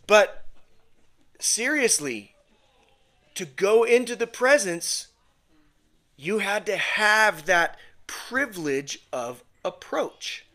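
A man's voice: high voice, sharp tone. A man leading a home Bible study in a conversational sermon style, often checking in with his listeners. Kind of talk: informal sermon teaching. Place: home fellowship gathering.

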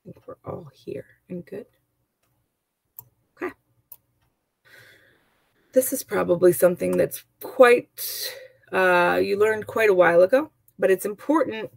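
Gravelly-voiced woman teacher explaining. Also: medium pitch, a little slow, long pauses, no echo. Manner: chatty, explains with examples and asides. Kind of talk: online class lesson.

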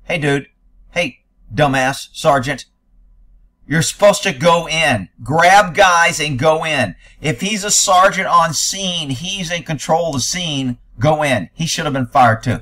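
A man's voice: on the high side, unhurried, hardly any pauses, bright, forceful tone. A man giving blunt, sarcastic, profane commentary while reacting to news footage.

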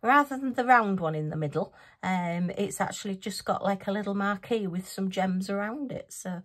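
A woman's voice: medium pitch, normal speed. A woman hosting a craft channel, chatting through a casual unboxing review, giggly and poking fun at herself. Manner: chatty, giggly and self-mocking.

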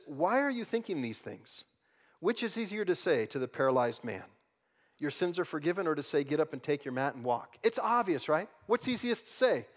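A man delivers a sermon from a church pulpit in a voice pitched a little above the usual for men. He moves between quiet, hushed moments and loud, quick, emphatic stretches of preaching. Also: animated. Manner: swings from soft, hushed lines to loud, fast, emphatic preaching. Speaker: pastor. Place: church sanctuary.

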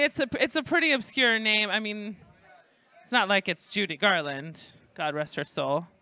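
At a student event held indoors in a library, a New York-accented host runs a live trivia game show and tosses playful jokes and asides to the audience. The voice sits at medium pitch, with a sharp, smooth tone and no echo.

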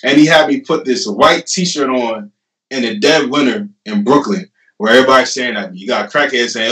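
The guest, a man in his twenties with a mid-range voice, speaks at a moderate pace. His storytelling is animated and full of laughter, with repeated "I'm like" as he acts out his own words and others'. The mic sits a bit distant in a roomy space.

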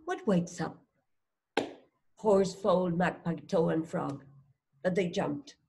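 A woman reading a phonics storybook aloud as a teacher, slowly sounding out words, asking questions and praising a child. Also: lowish voice, gravelly, background noise. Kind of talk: slow read-aloud lesson for a child.

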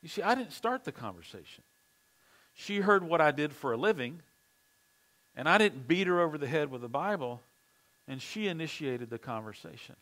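A male pastor giving a sermon in a relaxed, conversational storytelling way. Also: fairly high pitch, normal speed, low-quality recording.

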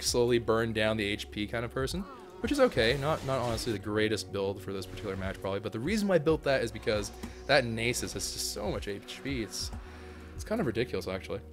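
Goofy gamer guy narrating his match, voice jumps around a lot, yelps and shouts, quiet music behind. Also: quick pace. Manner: excitable and goofy, with sudden high yelps and shouts. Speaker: gaming channel host. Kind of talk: casual gameplay commentary.

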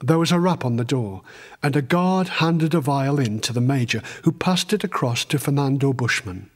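A man's voice: medium pitch, lively intonation, normal speed. A man reading his own book aloud as a dramatic audiobook narrator. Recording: long reverb.

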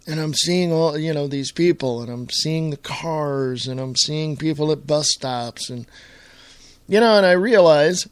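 Guy hosting a one-man radio show, kinda high voice, rambles and keeps clearing his throat, dry close sound. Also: measured pace, no echo. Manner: rambling and chatty, frequent asides and throat-clearing. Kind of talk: casual talk radio monologue.

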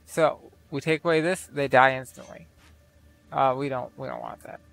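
A man's voice: mid-range voice, steady tone, moderate pace, vocal fry, fairly bright tone, slight background noise. A man giving casual, profane, incredulous let's play commentary over his game. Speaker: gaming video creator.

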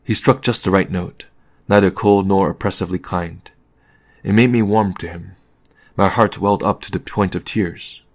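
Deep voiced guy reading a novel out loud, calm steady audiobook narration. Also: moderate pace. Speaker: audiobook reader.

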